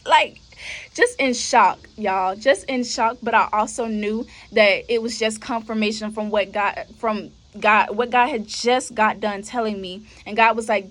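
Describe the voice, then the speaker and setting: A woman's voice: on the high side, normal speed, fairly bright tone. A young woman hosting a podcast, telling her faith testimony in a casual, conversational way and often addressing listeners as y'all. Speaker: podcast host.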